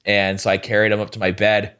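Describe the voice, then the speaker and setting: A man's voice: on the low side, completely flat delivery, fast talker, fairly bright tone, clear, resonant tone. A man, a comedian guest on a podcast, telling stories animatedly and slipping into quoted voices. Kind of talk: casual chat.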